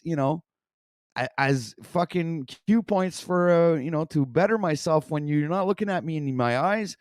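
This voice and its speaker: A man's voice: on the high side, measured pace, darkish tone, dry recording, clean studio sound. A man hosting a talk stream, reacting to a video with rambling, profane commentary full of fillers and swearing. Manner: swears constantly, rants and trails off with fillers.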